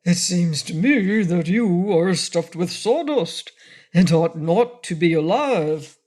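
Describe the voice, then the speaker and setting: A woman's voice: lowish voice, expressive, slow, a little mellow. A woman voicing a proud male frogman in an audiobook, haughty and scornful. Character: indignant frogman, proud adult male traveler. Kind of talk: audiobook reading.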